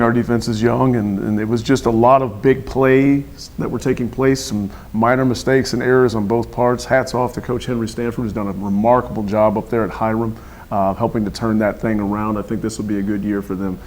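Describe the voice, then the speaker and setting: A man who is a football head coach, hoarse from yelling, talking earnestly in a radio sports interview with many fillers. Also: mid-range voice, fairly even intonation, fairly quick, rough recording. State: hoarse, lost his voice.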